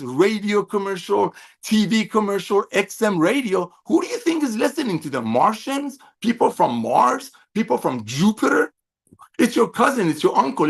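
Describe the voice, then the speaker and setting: A middle-aged man with a fairly high-pitched voice speaks over a video call. As a company executive, he delivers an effusive, emphatic sales pep talk with a preacher-like swing to it. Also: gravelly, slightly rough.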